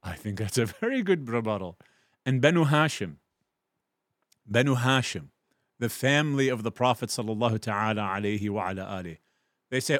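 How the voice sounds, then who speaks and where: A male teacher talks to his students in an online class. He tells the story with plenty of energy and jumps into loud, high voices for the characters. The sound is close and dry, with no room around it. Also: fairly quick, long pauses, dry recording. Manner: animated, acts out quoted voices loudly. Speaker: Islamic teacher.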